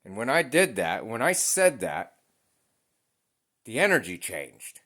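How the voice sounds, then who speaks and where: A man's voice: fairly low pitch, very animated, measured pace, a bit bright. A man ranting to camera in a vlog, blunt and profane, with a heated edge to his talk. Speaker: vlogger.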